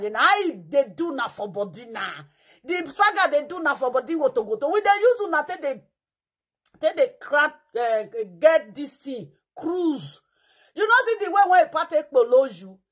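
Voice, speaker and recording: A high-pitched woman with a Nigerian Pidgin accent delivers mocking, theatrical commentary. She slips into sing-song chants and mock wailing as she talks.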